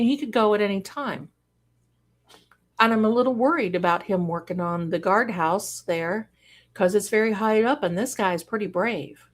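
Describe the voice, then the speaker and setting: Gushing woman livestream host. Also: medium pitch. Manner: effusive, gushing over viewers with sudden excited exclamations. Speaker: livestream host and card reader. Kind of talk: casual livestream chat, reading viewer comments aloud.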